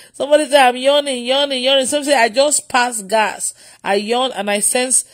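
Woman preacher, livestream prayer, often laughing, higher voice, repeats phrases. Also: fairly even intonation, a little slow.

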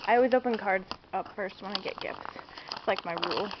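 A woman's voice: mid-range voice, a little fast. A young woman chatting casually through an unboxing, gushing and giggling. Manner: bubbly and gushing, squeals and giggles often. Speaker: vlogger. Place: home room indoors. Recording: dull lo-fi home camera audio, faint hiss.

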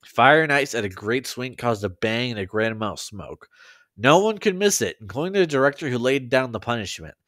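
A man's voice: medium pitch, expressive, fairly quick, a bit bright, dry recording, clean studio sound. A man casually reading fan fiction aloud, stumbling over words and making joking asides. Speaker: story reader.

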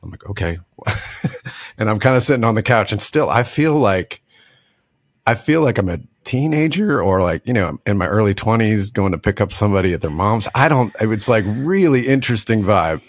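A middle-aged man tells a story on a casual podcast, his lowish voice rising and falling a lot as he acts out the people in it. He laughs often and slips into a put-on drawl. The sound is dry and close. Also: animated, normal speed, no room sound. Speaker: podcast co-host telling a story.

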